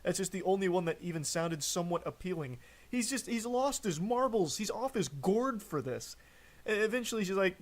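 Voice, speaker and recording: A male streamer reacts live with incredulous, sarcastic commentary, swearing freely as he tears into what he reads. His voice sits a little on the high side. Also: lively intonation, fairly quick. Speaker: streamer reacting to text messages.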